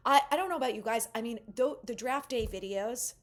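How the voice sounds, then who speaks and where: A woman's voice: a little high, fairly quick. A young woman hosting a sports channel, giving casual, enthusiastic fan commentary. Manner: enthusiastic, animated fan talk.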